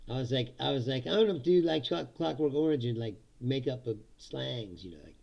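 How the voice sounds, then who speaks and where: Laughing, rambling man with a gravelly voice. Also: medium pitch, animated, fairly quick, a little mellow. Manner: rambling, laughs often, swears casually. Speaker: host. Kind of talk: casual live-stream monologue.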